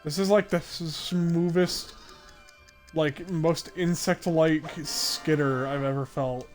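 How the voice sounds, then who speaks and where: A man's voice: fairly high pitch, fairly even intonation, slow pace, soft background music. Rambling young man streaming a game. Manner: rambling, full of "like" fillers. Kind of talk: casual live-stream commentary.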